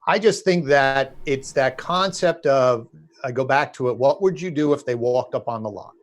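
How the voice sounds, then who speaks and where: Animated man acting out sales scenes. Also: mid-range voice, normal speed. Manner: animated storyteller, acts out dialogues with customers. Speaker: co-host. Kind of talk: casual podcast discussion.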